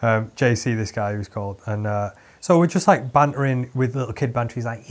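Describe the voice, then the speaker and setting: A man's voice: medium pitch, quick pace, few pauses. A young man hosting a podcast, rambling and joking with lots of fillers and restarts. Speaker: podcast host. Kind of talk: casual podcast chat.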